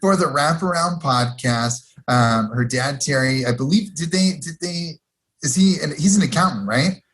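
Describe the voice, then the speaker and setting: A man co-hosting a casual podcast chat, laughing often and retelling scenes with animated quoted voices. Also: a little high, moderate pace. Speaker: podcast co-host.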